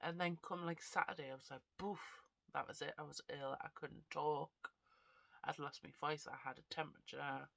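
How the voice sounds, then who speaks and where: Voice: mid-range voice, little pitch movement, a little fast, creaky, fairly bright tone, no room sound. A vlogger and actor with a stuffy, congested nose, chatting casually and rambling to camera. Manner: rambling, chatty, self-deprecating.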